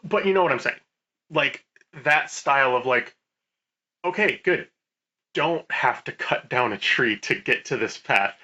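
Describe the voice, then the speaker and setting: Male podcast co-host, very bright tone, emphatic casual gaming chat. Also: mid-range voice, animated, a little slow, dull audio. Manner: emphatic, swears casually, repeats words.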